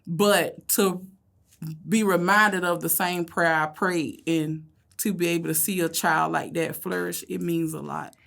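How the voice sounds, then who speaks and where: Gravelly Southern woman telling stories. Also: unhurried. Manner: animated storyteller, acts out kids and herself in loud high voices. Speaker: school bus driver. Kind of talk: conversational interview.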